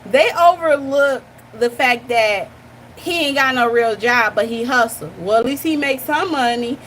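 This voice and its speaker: A woman's voice: fairly high pitch, unhurried, fairly bright tone, a little hiss or hum. A young woman hosting a reaction channel, talking bluntly and animatedly straight to her viewers in casual commentary.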